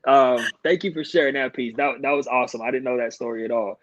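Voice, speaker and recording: A man's voice: medium pitch, quick pace, hardly any pauses, no room sound, dull audio. A male podcast host interviewing a guest over a video call, affirming and thoughtful. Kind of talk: casual interview.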